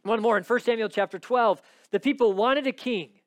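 Preaching a sermon and reading scripture aloud, this man climbs high in pitch to stress a point, then sinks low and quiet. He speaks at a normal speed, and the recording is dry.

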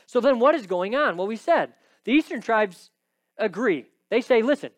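High-voiced emphatic male preacher. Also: expressive, normal speed, dry recording. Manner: emphatic teaching tone, often checks in with "right?". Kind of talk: sermon with scripture reading.

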